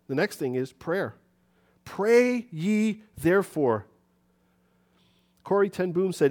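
A high-voiced man preaches a lively church sermon. He swings his voice up when he plays out little scenes of talking to people. His pitch sits well above most men's. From New York City. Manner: animated, acts out conversations with rising pitch.

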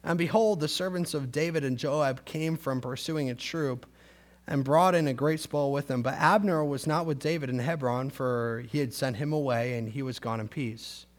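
A man preaching a sermon, reading scripture and retelling it in a casual, conversational way, with loud emphatic peaks and quiet low stretches. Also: moderate pace. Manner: conversational paraphrase of scripture with fillers.

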